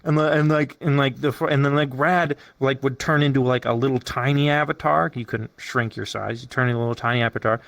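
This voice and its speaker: A man hosting a casual podcast, telling stories in an animated way and swearing often. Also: mid-range voice, fast talker, gravelly, hardly any pauses, no echo. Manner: animated, profane storytelling. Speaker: podcast host. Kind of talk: casual chat. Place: streaming setup.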